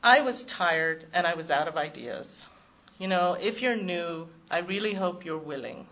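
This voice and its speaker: A woman's voice: on the low side, expressive, normal speed, highs cut off. A woman giving personal testimony at a recovery meeting, telling her story in a wry, self-mocking way.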